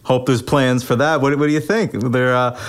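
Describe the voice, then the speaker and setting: A man's voice: mid-range voice, steady tone, a little fast. A man hosting a podcast interview, asking questions politely and thanking his guests graciously. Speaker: podcast host.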